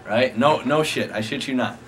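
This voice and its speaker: A man's voice: mid-range voice, moderate pace, a bit bright. Profane young man telling a rambling story. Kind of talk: casual anecdote among friends. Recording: noisy amateur recording.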